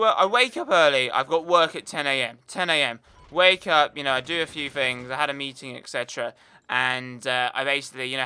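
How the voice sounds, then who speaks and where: A man's voice: fairly high pitch, bright, forceful tone, smooth. A young British man telling a rambling story in a casual gaming vlog, full of fillers. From United Kingdom. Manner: chatty, rambling, lots of fillers. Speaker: gaming YouTuber. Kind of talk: casual storytelling over gameplay.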